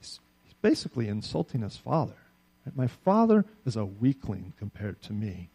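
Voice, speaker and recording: A middle-aged man preaching a sermon in a conversational, animated way, often asking his listeners "right?". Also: on the low side, normal speed, slightly rough. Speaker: pastor.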